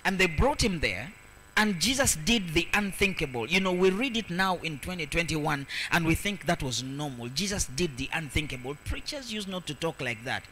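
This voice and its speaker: A man preaching a sermon as pastor, reading scripture aloud and swinging between loud, emphatic declarations and soft asides. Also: on the high side, lively intonation, moderate pace, a little hiss or hum, poor audio. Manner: reads scripture aloud and repeats verses for emphasis.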